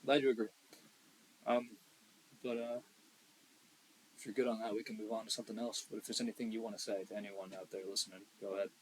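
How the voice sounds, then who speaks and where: A young man co-hosting a podcast in casual chat, blunt and profane, swinging between loud emphasis and quiet asides. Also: fairly low pitch, level tone, quick pace, pauses often, a little hiss or hum, poor audio. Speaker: podcast co-host.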